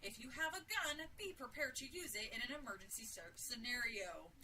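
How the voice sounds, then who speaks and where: A woman's voice: on the high side, lively intonation, moderate pace, sharp tone. A woman voicing a grim female TV news reporter, delivering an urgent formal bulletin from a distant mic with faint room noise.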